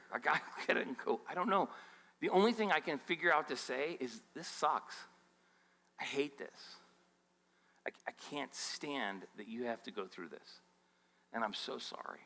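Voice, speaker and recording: Candid preaching man, bright voice. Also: fairly high pitch. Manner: conversational, candid preaching with asides to the congregation. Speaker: pastor. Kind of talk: sermon. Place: church auditorium. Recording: long reverb of a church hall.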